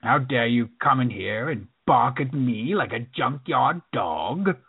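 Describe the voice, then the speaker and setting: A man putting on the voice of a stern, indignant older film president, speaking slowly over a dry, tinny line. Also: mid-range voice, expressive, breathy edge, no echo. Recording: dry tinny phone-like sound.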